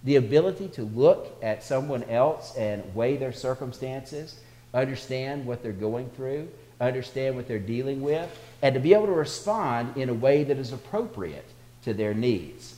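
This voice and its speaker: A male pastor preaches a sermon to a congregation in an echoey hall, his voice trailing off in a long tail of echo. He tells stories at normal speed in a steady, mid-pitched voice, swelling in volume as he builds up his anecdotes and draws his points out.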